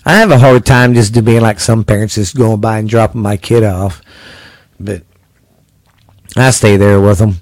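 A man's voice: lowish voice, fairly even intonation, normal speed, long pauses, darkish tone, no room sound. A man hosting a podcast, chatting casually and laid-back, full of fillers, calling his guest cuz. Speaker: podcast host.

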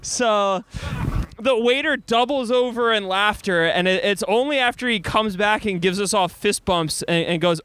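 High-voiced young man telling sailing stories. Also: normal speed, smooth. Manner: animated, self-mocking, laughs at his own stories. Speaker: podcast host. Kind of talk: casual storytelling monologue. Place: on a sailboat at sea.

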